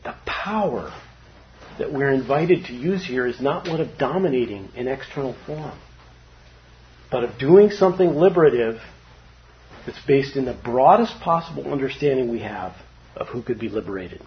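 A man giving a casual, informal dharma talk to a group, chatty and quick to laugh. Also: medium pitch, animated, a little hiss or hum. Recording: dull lo-fi recording.

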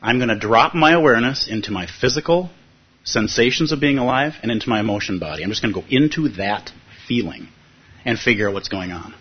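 A man with a husky voice giving a reflective teaching talk, telling a personal story and often checking in with his listeners. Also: mid-range voice, lively intonation, fairly quick. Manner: thoughtful, often checks in with "right?". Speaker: meditation teacher. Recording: dull lo-fi recording.

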